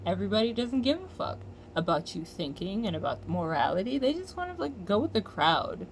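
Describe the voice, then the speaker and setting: An American woman vlogger delivering a heated, profane commentary rant with loud outbursts. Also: medium pitch, very animated, brisk, a little hiss or hum.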